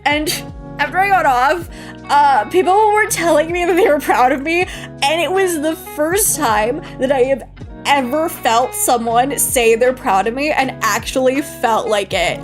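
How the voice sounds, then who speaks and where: A young woman with a high voice chats with her live-stream viewers, rambling and teary, laughing nervously between words. She sounds tired and close to tears the whole time. Soft music plays faintly behind her. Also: expressive, a little slow. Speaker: VTuber streamer. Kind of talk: casual live-stream chat. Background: faint background music.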